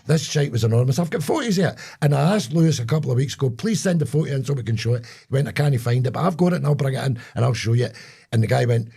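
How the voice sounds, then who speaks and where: A man's voice: mid-range voice, lively intonation, rapid-fire, gravelly, dark tone, breathy edge. An older man with a Scottish accent, co-hosting a casual comedy podcast and telling crude stories with relish. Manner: bawdy, storytelling, crude jokes. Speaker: podcast co-host.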